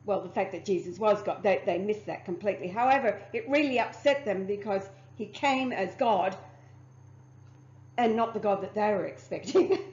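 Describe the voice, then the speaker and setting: Woman reading old religious text out loud, kinda formal then chatty asides, muffled dull sound. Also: medium pitch, moderate pace. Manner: reads formally, breaks off laughing into chatty asides. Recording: muffled, echoey room.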